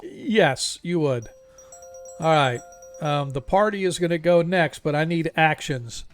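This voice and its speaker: Man, game master, tabletop game, rambling, easygoing, online call, slightly high voice. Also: big pitch swings, a little slow, faint music behind. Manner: rambling, easygoing, with frequent fillers.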